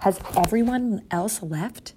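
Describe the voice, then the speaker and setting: A woman voicing a stern, bossy mother mouse who speaks briskly and sharply. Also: medium pitch, mellow, a little hiss or hum, natural voice.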